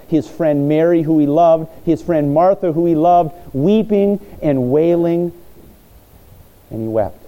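A man preaching a sermon in an earnest way, pausing and restarting his phrases. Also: on the high side, mellow, dull audio. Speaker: pastor.

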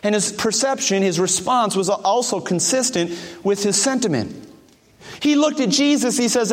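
A man's voice: high voice, animated, moderate pace, long reverb tail. A man preaching a sermon to his congregation, asking them questions directly. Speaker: pastor.

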